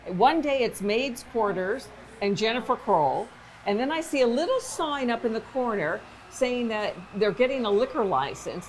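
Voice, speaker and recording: An older woman hosting a local TV show, interviewing a guest on location in a busy restaurant, bubbly and quick to laugh. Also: a little high, lively intonation, a little hiss or hum. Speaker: TV show host. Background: diners chatting and laughing.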